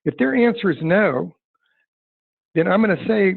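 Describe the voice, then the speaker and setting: Male sales trainer, folksy and emphatic, husky voice, pitched a little high. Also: animated, a little fast. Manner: folksy, emphatic, acts out client dialogue. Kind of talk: webinar training talk. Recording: dry tinny phone-like line.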